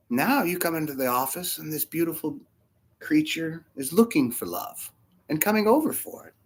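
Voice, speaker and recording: A man preaching a casual sermon, short of breath with fluid in his lungs, animated and laughing often between soft asides. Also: mid-range voice, husky. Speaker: pastor.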